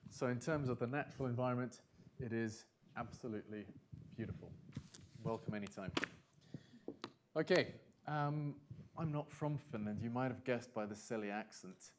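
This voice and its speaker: A man's voice: medium pitch, moderate pace, pauses often, background noise. A middle-aged man from Britain and France giving a conference talk to a live audience. He talks in a chatty way, puts questions to the room and slips in dry humor. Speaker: conference speaker. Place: conference hall.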